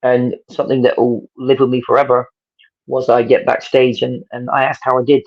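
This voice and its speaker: Speaking at a normal speed in a mid-range voice, this Englishman is a wrestling promoter guesting on a casual interview. The audio is dull, and he animatedly impersonates the people in his stories.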